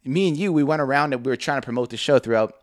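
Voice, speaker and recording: A man's voice: medium pitch, racing, dry recording, clean studio sound. A young man, co-hosting a podcast and telling stories in a casual, swearing, giggly way. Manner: animated, swearing, giggling, mimics voices in stories. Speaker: podcast co-host. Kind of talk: casual storytelling chat.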